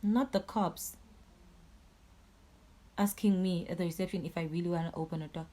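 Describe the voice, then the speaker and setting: A young woman with a Swazi accent, telling a storytime vlog in an angry, animated way, swearing and switching languages. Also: on the low side, normal speed. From Eswatini. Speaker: YouTuber.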